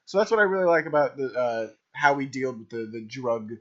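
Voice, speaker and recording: This man speaks a little fast in a mid-range, expressive, fairly bright voice. Over footage of his improv troupe's scene, he coaches them in a loose, rambling way, full of filler and repeated "right?" checks, all captured on a dull lo-fi recording.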